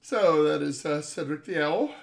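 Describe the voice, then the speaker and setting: A man's voice: fairly high pitch, moderate pace, gravelly, a little hiss or hum. A man co-hosting a game developers' livestream, coughing now and then and making dry, wry puns. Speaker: co-host of a game developers' stream. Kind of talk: casual livestream chat.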